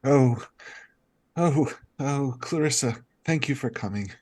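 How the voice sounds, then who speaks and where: A man voicing a dazed, injured young gentleman cousin with a put-on posh accent and a weak, affronted manner, in improvised tabletop role-play. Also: deep voice, a little fast, breathy edge.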